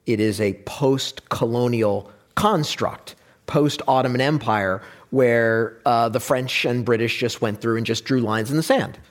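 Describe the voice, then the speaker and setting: A man talking in a casual discussion, animated and wry, who sometimes slips into mock voices to make a point. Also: medium pitch, unhurried.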